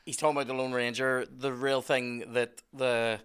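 A man hosting a podcast, chatting casually and telling sweary, animated stories. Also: medium pitch, normal speed, clean tone. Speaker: podcast host. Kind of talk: casual chat.

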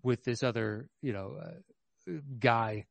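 Man, mid-pitched voice, hesitant measured chat, lots of fillers, dry close recording. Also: vocal fry, no room sound. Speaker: podcast co-host. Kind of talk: casual movie chat.

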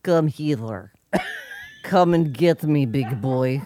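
A woman's voice: a bass voice, lively intonation, slow pace, mellow, slight background noise, voice pushed down, heavily acted. A woman voicing a sultry Russian seductress named Natasha in a campy, teasing mock accent. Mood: seductive.

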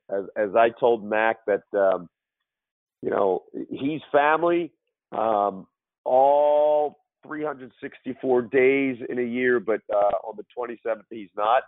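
A man who is losing his voice, a podcast guest talking football in casual chat, with halting speech and repeated words. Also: mid-range voice, no room sound. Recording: tinny phone line.

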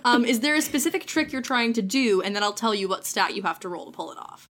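A woman's voice: fairly high pitch, expressive, heavy background noise. A woman running a tabletop role-playing game as game master, joking and laughing as she talks. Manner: quick joking asides, laughs often.

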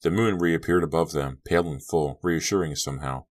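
Very deep-voiced male audiobook narrator. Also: brisk. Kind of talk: scripted narration.

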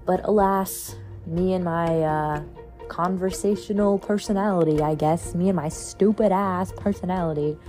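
A woman's voice: lowish voice, normal speed, soft background music. A young woman telling a dating story in casual talk, exasperated and swearing. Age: young adult. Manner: exasperated, swearing, animated retelling. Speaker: podcast host.

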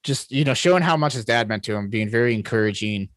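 A man's voice: medium pitch, fast talker, dry recording. Chill guy cohosting a movie podcast, dry close mic, rambles a bit. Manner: relaxed, swears casually, trails off in restarts. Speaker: podcast co-host. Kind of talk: casual movie recap chat.

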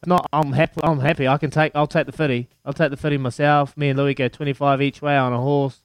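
A man with a New Zealand accent hosting a breakfast radio quiz, excitable and matey, laughing often. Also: mid-range voice, fast, clear, resonant tone, no room sound. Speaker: radio breakfast show host. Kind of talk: lively radio quiz banter.

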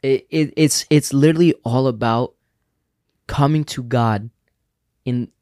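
A young man co-hosts a laid-back faith podcast, his medium-pitched voice slightly mellow. He talks in an earnest, reflective way and is quick to affirm what he hears.

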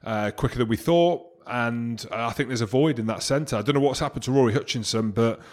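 A man from England chats on a podcast in a loose, self-mocking tone. He jokes his way through the talk in a plain, mid-pitched voice. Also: a little fast. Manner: jokey, self-mocking banter. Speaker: podcast co-host. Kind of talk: casual podcast chat.

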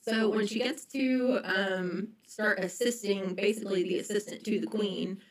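A woman's voice: mid-range voice, fairly even intonation, a little slow, low-quality recording. A young woman telling a history story on a casual podcast, chatty and full of ums and likes.

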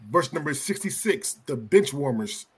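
A man's voice: fairly high pitch, lively intonation, moderate pace, husky. A man hosting a casual podcast, reading out vote results and chatting easily between them. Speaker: podcast host.

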